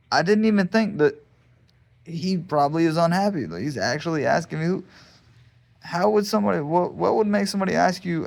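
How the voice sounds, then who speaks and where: A man with a drawl talks to his camera in his backyard, wandering from joke to joke and restarting his sentences. His voice is gravelly and sits a little high. He has a loose, casual delivery. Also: animated, a little fast, a little mellow. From United States. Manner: joking, wandering, repeats himself, restarts sentences. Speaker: army veteran vlogger. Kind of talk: casual rambling monologue to camera. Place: backyard garden, outdoors.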